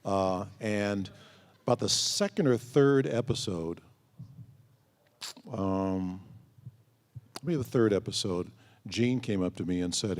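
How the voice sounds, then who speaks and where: A man's voice: lowish voice, slow pace, long pauses, darkish tone. A man answering fan questions as a convention panel guest, telling anecdotes and acting out quoted dialogue. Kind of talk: storytelling Q&A answers. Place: large convention hall. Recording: long hall reverb.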